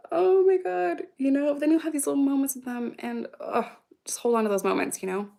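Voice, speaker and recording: Creaky-voiced woman in rambling profane chat. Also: fairly high pitch, darkish tone. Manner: profane, rambling, laughs often; reacts to comments aloud. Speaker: vlogger answering viewer comments. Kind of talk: casual livestream chat.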